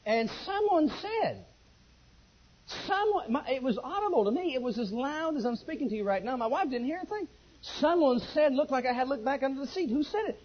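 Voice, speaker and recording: A male pastor preaches with a high, husky voice that leaps up and down as he tells his own story. He acts out every exchange in the tale with animated emphasis. The recording sounds dull and lo-fi. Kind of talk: sermon with personal testimony.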